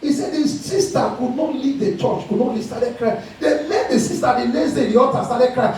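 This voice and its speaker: Male pastor, high voice with a mellow tone, preaching in a big echoey church from a distance from the mic. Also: normal speed, hardly any pauses, slight background noise. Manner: preaching with acted quotes and pidgin asides. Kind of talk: sermon. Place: church hall. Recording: very echoey hall, mic far off.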